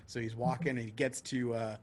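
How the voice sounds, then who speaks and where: Husky man telling a wild story. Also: mid-range voice, a little fast. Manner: animated storyteller who swears freely and acts out quoted voices. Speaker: podcast co-host. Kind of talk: casual storytelling chat.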